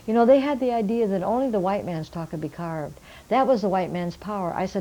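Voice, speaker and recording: A woman's voice: mid-range voice, a little fast, warm tone, low-quality recording. An older woman, a missionary Bible translator, earnestly telling a story from her work and addressing her listeners as friends. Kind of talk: storytelling testimony.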